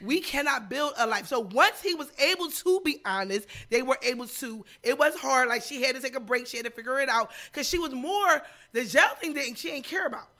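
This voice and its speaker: A woman's voice: sits high, lively intonation, brisk, few pauses, bright, forceful tone. A woman co-hosting a podcast in a studio, pressing her point insistently and repeating herself to hold the floor. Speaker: podcast co-host. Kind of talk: heated casual debate.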